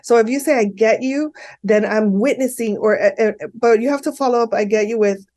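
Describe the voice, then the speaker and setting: A woman's voice: on the high side, fairly quick, dark tone. A woman in her fifties, a podcast guest, talking earnestly and repeating phrases as she explains. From Miami. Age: 50s. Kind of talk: candid conversational interview.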